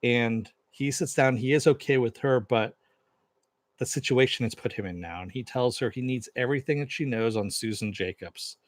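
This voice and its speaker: A man talks through an episode of a series he is reviewing, retelling scene after scene in a relaxed, rambling way. He paraphrases what the characters say and pads it with fillers. His voice sits at an ordinary middle pitch, and the recording is dry with no room sound. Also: moderate pace, no room sound. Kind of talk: casual episode recap.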